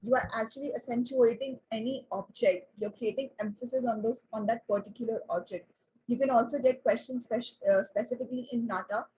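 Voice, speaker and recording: A woman teacher, her voice very husky and breathy and set somewhat high. She lectures an online class, often asks the class questions, and fills her pauses with "uh" and "um.". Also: fairly even intonation, warm tone, poor audio.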